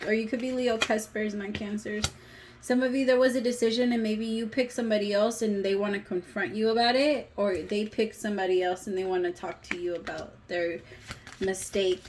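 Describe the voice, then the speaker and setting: A woman's voice: mid-range voice, fairly even intonation, brisk, darkish tone, slight background noise. A woman in her thirties giving a casual tarot reading, chatty and emotional, with some casual swearing. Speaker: tarot reader.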